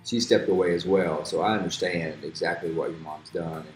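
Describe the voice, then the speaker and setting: Deep-voiced guy asking questions, chatty and rambling, echoey room with faint music behind. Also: fairly even intonation, brisk. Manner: friendly, rambling with fillers. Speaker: interviewer. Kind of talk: casual interview. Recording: roomy echo with faint music.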